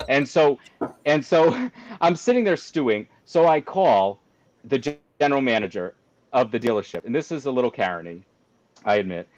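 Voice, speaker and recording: A man's voice: medium pitch, very animated, normal speed, darkish tone, highs cut off, slight background noise. A man telling a story in a casual chat, ranting with exasperated exaggeration. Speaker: guest cigar company representative.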